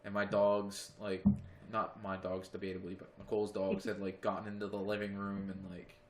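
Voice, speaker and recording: In a very noisy, echoey recording made at a friend's house, a man co-hosts a podcast in a fairly low, monotone voice at a moderate pace. His casual chat wanders, packed with "like" and plenty of swearing.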